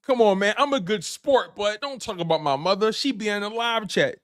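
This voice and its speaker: A man's voice: high-pitched, lively intonation, brisk, a bit bright, no room sound, studio quality. A man hosting a live sports stream, delivering a repetitive, preachy rant in heavy slang. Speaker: sports show host.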